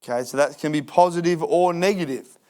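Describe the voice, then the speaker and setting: A man preaching in a church, his voice sitting a little high for a man. He talks in a loose, joking way and slips into mock voices to act out other people's excuses. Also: a little fast. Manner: lively, jokey preaching with acted-out excuses. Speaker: pastor. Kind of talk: sermon. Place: church hall.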